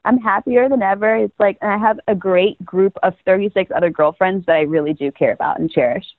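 A woman's voice: mid-range voice, fairly quick, no echo. A young woman from North Carolina, a guest in a casual interview, telling her story with animation and acting out what people said. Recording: tinny phone-like sound, very dry.

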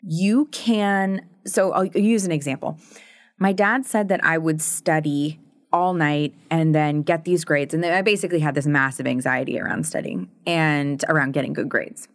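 A woman's voice: low-pitched, normal speed, dry recording, studio quality. A woman in her thirties co-hosting a podcast, talking candidly in a chatty way with frequent laughs and many fillers. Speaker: podcast co-host. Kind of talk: casual conversation.

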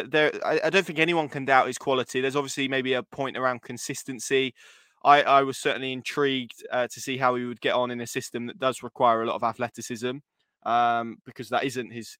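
A man's voice: medium pitch, a bit bright, dry recording, clean studio sound. A man hosting a football podcast, chatting casually and rambling, with lots of restarts and repeated words. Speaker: podcast host.

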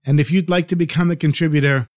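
A man's voice: fairly high pitch, fairly even intonation, fast talker, dry recording. A man hosting a storytelling podcast, narrating expressively and addressing listeners fondly.

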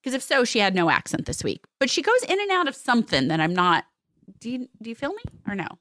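A middle-aged woman co-hosting a casual chat, animated and exclamatory, stretching words for emphasis. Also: a little high, no echo. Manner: animated, exclamatory, with drawn-out stresses. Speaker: podcast co-host.

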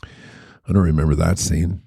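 A man's voice: deep voice, steady tone, measured pace, creaky, mellow, husky, no echo, studio quality. A man co-hosting a casual chat, rambling loosely and laughing at his own bits.

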